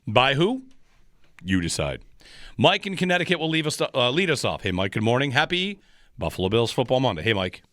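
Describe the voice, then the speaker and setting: A man's voice: mid-range voice, very animated, a little fast, fairly bright tone, no echo, studio quality. A man hosting a sports talk radio show, analyzing the game in a rambling, frustrated way with frequent restarts.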